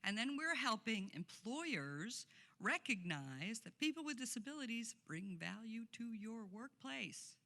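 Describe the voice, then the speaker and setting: A woman's voice: fairly high pitch, big pitch swings, unhurried, sharp tone. A woman giving a passionate conference keynote speech, emphatic and laughing often, recorded in a conference hall. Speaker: keynote speaker.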